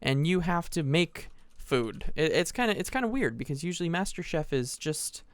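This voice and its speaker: A teenage boy telling a long, rambling story as casual commentary over a game he is playing, animated, restarting sentences and adding asides. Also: on the high side, normal speed, smooth, no room sound. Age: teens. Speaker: gaming channel host.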